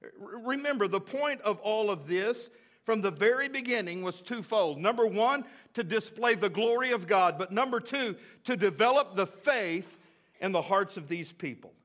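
A man preaching a sermon as pastor, repeating key phrases and swinging between loud emphasis and hushed moments. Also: high voice, expressive, normal speed. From United States.

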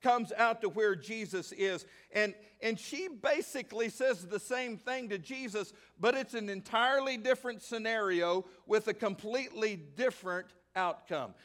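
A male pastor from the American South preaching a sermon. He reads scripture at length and asks the congregation questions that he then answers himself. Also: high-pitched. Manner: reads scripture aloud at length, slowing on key words; bursts into excitement.

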